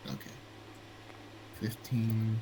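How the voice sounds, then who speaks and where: A man's voice: lowish voice, monotone, very slow, warm tone, slight background noise, rough recording. A man playing a tabletop game over voice chat, asking hesitant questions with restarts. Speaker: player.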